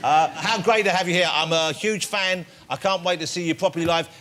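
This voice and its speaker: A man hosting a chat show in a studio, quizzing a guest with quick, teasing banter. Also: on the high side, fairly even intonation. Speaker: talk show host. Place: TV studio with live audience. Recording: noisy studio with loud crowd. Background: audience.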